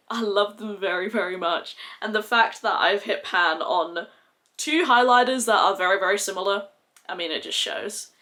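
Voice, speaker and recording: A woman beauty vlogger talks through her makeup in a loose, chatty way, gushing over favourites and peppering her sentences with "like". Her voice sits at a mid pitch for a woman. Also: fairly bright tone. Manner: gushing, chatty, heavy use of "like". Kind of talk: casual makeup review chat.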